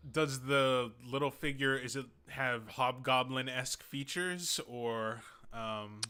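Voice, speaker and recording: A man playing a tabletop game, asking curious questions at an unhurried pace. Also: mid-range voice, sharp tone, clean tone. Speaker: player.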